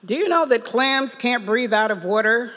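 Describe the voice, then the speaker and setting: A woman's voice: on the high side, lively intonation, normal speed, fairly bright tone, big-room sound, voice pushed up. Woman imitating a kindly male priest. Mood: friendly.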